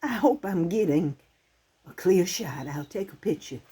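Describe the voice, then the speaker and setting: A woman, talking to her channel's viewers to camera in a heartfelt, halting, emotional way. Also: on the low side, expressive, warm tone, slightly rough. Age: 60s. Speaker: channel host. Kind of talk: casual talk to camera.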